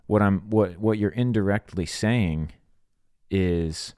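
Deep-voiced earnest male preacher. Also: slow, a little mellow, no room sound, clean studio sound. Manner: earnest, plain-spoken, acts out quoted dialogue. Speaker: podcast host, preacher. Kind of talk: sermon-style podcast teaching.

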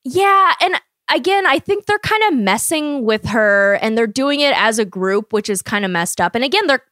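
A woman's voice: on the high side, lively intonation, moderate pace, a bit bright, no room sound, clean studio sound. A woman co-hosting a podcast, chatting casually, agreeing readily and laughing often. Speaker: podcast co-host. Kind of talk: casual chat.

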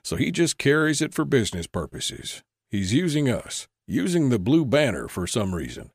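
A man voicing a calm, dignified male saloon owner in an old-west audiobook, speaking gravely and coolly. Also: mid-range voice, normal speed, dry recording, heavily acted. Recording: dry close recording.

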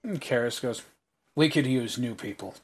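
A man narrating as game master of a tabletop role-playing game, voicing characters by dropping low and quiet. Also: animated, normal speed, husky.

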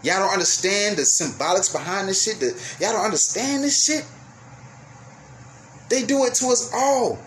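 A young man with a high-pitched voice rants as host of his own radio show, cursing freely and veering between yelling and apology. Faint ambient noise sits under his voice. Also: lively intonation, normal speed. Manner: profane, heated, swings from yelling to apologetic. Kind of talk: ranting monologue.

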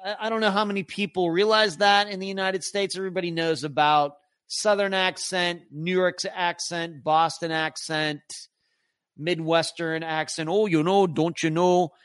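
A man's voice: high-pitched, level tone, moderate pace, fairly bright tone, clear, resonant tone, no room sound, studio quality. A middle-aged man hosting a live podcast, reading viewer comments aloud in a rambling, chatty way with many restarts. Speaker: podcast host.

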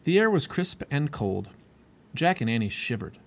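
A man reading a children's storybook aloud in an expressive, lively way. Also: a little high, normal speed. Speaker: storybook reader.

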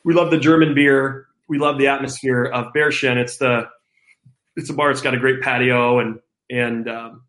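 A man's voice: medium pitch, steady tone, moderate pace, fairly bright tone, echoey room. A man who used to play college football, chatting enthusiastically as a guest in a casual interview and laughing often.

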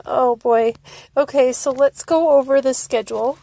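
This woman's voice is high and mellow with vocal fry, a steady tone, and a normal pace. As a fan vlogger reacting to something, she talks casually to her viewers, gushing emotionally and frequently laughing through tears.

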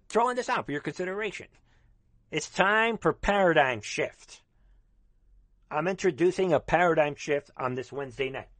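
A man's voice: on the high side, no echo. A man delivering a fervent, rambling monologue as a commentator, repeatedly calling out to his audience. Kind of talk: ranting political monologue.

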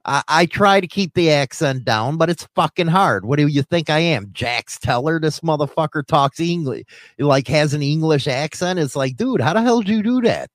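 A man's voice: a little high, normal speed, no echo, studio quality. A man co-hosting a podcast in casual chat, crude, profane and joking. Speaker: podcast co-host.

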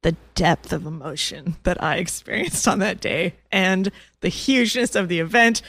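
A young woman co-hosting a podcast, gushing excitedly as she tells stories in casual chat. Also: lowish voice, normal speed, vocal fry, no echo. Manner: gushing, excitable fan storytelling. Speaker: podcast co-host.

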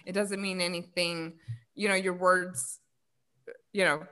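A woman co-hosting a casual podcast chat as a breakup coach, animated and blunt, swearing freely and laughing often. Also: lowish voice, measured pace.

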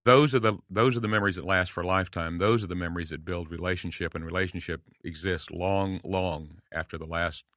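Low bright-voiced man in his sixties. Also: steady tone, a little fast, hardly any pauses, no echo, studio quality. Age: 60s. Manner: folksy, storytelling, emphatic. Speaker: guest. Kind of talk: conversational podcast interview.

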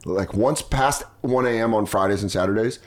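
Male podcast host, lowish voice, casual comic banter, profane. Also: normal speed. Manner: loose, profane, jumps into funny voices. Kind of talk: casual comedic chat.

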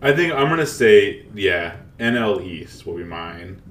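Slow, hesitant man in an echoey room. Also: low-pitched, sing-song. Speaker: podcast co-host. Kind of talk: casual sports chat.

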